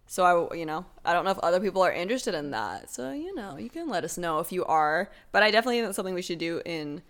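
A woman's voice: lowish voice, big pitch swings, fast, fairly bright tone. A young woman co-hosting a casual podcast with her husband, chatty and bubbly, often giggling. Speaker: podcast co-host.

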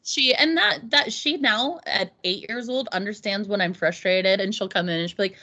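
A woman's voice: mid-range voice, moderate pace, few pauses, sharp tone. A woman in her thirties, a podcast guest, speaking candidly and reflectively about hard personal experiences, often restarting her sentences. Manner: earnest and reflective, with frequent restarts. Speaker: podcast guest, Navy mother.

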